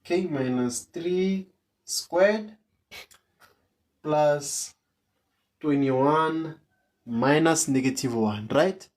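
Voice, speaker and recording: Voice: medium pitch, drawn-out words, pauses often, darkish tone. A maths tutor, teaching an online lesson and repeating each question to coax answers from students.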